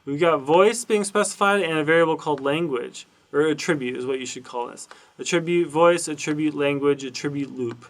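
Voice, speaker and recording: A man lecturing informally over a screen recording, his voice sitting a little high for a man. He thinks out loud as he goes, with plenty of ums, uhs and restarted phrases. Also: fairly quick, hardly any pauses. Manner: thinks aloud with many fillers and restarts. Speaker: university lecturer. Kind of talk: casual recorded lecture walking through documentation.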